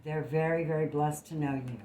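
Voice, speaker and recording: Her low, warm voice moves fairly quickly with fairly even intonation as she gives a casual tarot reading to camera. She's blunt, emphatic and swears freely, and the phone recording, made in an echoey room, carries a little hiss or hum.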